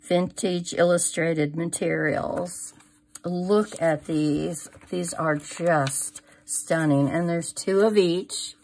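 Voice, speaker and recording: Woman, middle-aged, low voice, unhurried, chatty crafting haul, gushing, lots of fillers. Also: steady tone, darkish tone. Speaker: crafting vlogger. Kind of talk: casual product haul show-and-tell.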